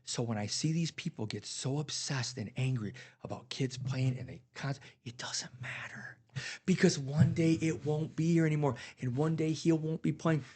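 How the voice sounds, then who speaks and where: A man's voice: fairly high pitch, moderate pace, hardly any pauses, warm tone, breathy edge. A man on a podcast telling heartfelt stories about his kids in casual chat, getting emotional. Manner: earnest, emotional storytelling. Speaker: podcast guest.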